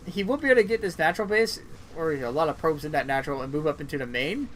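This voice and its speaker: A man giving casual, chatty play-by-play commentary on a strategy game match, swinging into excited bursts, and sounding tired. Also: sits high, a little hiss or hum. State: yawning, tired. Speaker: esports caster.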